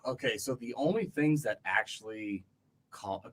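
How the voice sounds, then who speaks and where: A man's voice: mid-range voice, measured pace, fairly bright tone. A man co-hosting a casual podcast chat, rambling with lots of fillers and laughing easily. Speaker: podcast co-host.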